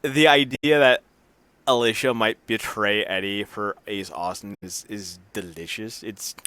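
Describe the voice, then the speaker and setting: A man's voice: lowish voice, fairly even intonation, measured pace, sharp tone, clean tone, dry recording. A man co-hosting a casual wrestling podcast, cracking profane jokes and acting out quotes in silly voices. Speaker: podcast co-host.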